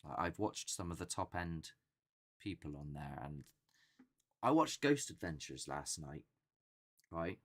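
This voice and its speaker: Deep-voiced man chatting. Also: expressive, a little slow, pauses often, fairly bright tone. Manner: rambling, chatty, acts out quotes. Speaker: host of a paranormal channel. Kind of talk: casual live chat.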